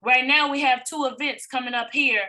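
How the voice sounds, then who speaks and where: Her tone steady and her pace fairly quick, a middle-aged business coach delivers a rousing training talk to her team. She sounds high and bright yet forceful and pushing, stressing her points by repeating them and posing rhetorical questions. It's a low-quality recording.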